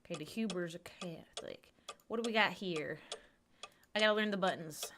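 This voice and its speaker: A woman's voice: lowish voice, normal speed, fairly bright tone, slight background noise. A woman in her thirties from the United States giving giddy, giggly livestream commentary on a game. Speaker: streamer. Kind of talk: let's-play livestream commentary.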